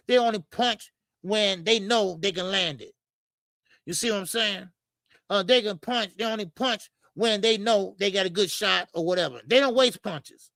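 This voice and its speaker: A man hosting a live boxing talk stream, ranting in a profane, animated way and often repeating himself. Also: high-pitched, gravelly, no echo. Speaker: boxing show host.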